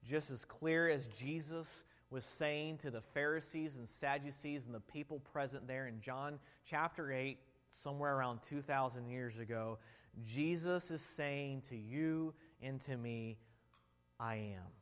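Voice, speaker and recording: A man preaching a sermon as a pastor, slow and deliberate, rising to an impassioned pitch before quieting into prayer. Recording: long reverb of a large hall.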